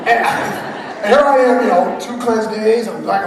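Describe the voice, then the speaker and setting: A man in his thirties giving an energetic motivational speech to a live audience, laughing often and building to shouts. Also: sits high, moderate pace, background noise. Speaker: motivational speaker. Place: large conference hall. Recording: echoey hall recording from far off.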